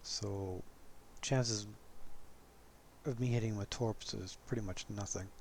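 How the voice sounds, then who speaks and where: A man giving relaxed, casual commentary over his own gameplay footage, chuckling often and poking fun at himself. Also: lowish voice, slow pace, gravelly, slight background noise.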